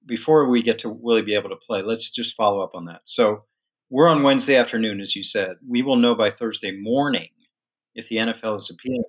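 A man's voice: fairly low pitch, fairly quick. Emphatic man explaining league legal matters. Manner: animated, emphatic storytelling with occasional laughs. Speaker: guest legal and sports business analyst. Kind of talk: conversational explanation in a podcast interview.

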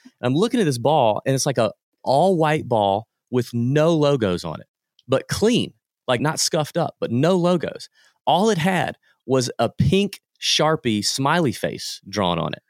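A man, a guest on a podcast, telling lively anecdotes in a casual way and acting out the people he quotes. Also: medium pitch, measured pace, no echo, clean studio sound. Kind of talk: casual storytelling.

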